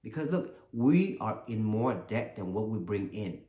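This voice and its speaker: A man hosting his own channel, talking earnestly in a casual, animated commentary monologue that often repeats itself. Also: on the low side, measured pace, hardly any pauses, echoey room. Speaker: channel host.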